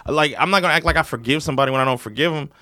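A man's voice: a little high, racing, bright, forceful tone, no echo, studio quality. A man in casual conversation, talking bluntly and emphatically with frequent swearing. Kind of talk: casual chat.

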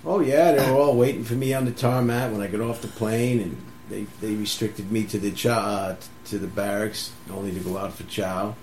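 A man casually telling animated stories about his military days, laughing through them. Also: fairly low pitch, normal speed, hardly any pauses. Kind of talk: casual storytelling chat. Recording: echoey room with faint background hum.

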